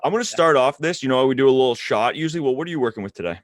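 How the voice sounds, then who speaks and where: A man's voice: medium pitch, animated, racing, no room sound. A man co-hosting a casual podcast, joking and bantering with his co-host. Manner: laid-back, joking banter. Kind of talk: casual chat.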